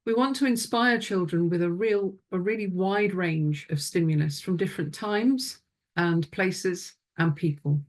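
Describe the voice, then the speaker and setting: A woman with a somewhat low voice leads a music teaching webinar. She speaks in a calm, instructive way, close to the microphone. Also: a little slow. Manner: calm, instructive, demonstrates vocal exercises. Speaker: music education presenter.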